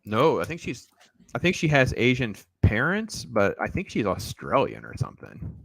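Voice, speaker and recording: A man's voice: medium pitch, huge pitch swings, moderate pace, vocal fry, a bit bright, no echo. A man hosting a casual reaction stream, riffing sarcastically and talking straight to his viewers. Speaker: show host.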